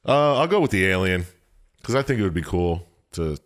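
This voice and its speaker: A man co-hosting a podcast, laid-back and crude in casual banter with friends. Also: sits low. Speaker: podcast co-host.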